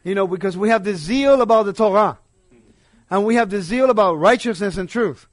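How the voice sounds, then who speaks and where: A man preaching a sermon, emphatic, swinging between quiet asides and loud declarations. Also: sits high, a little fast, no room sound.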